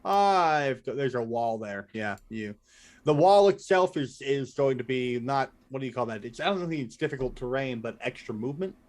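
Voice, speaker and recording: A man acting as game master, chatting casually and thinking aloud while fiddling with game software. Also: medium pitch, lively intonation, moderate pace. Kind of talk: running a tabletop game online.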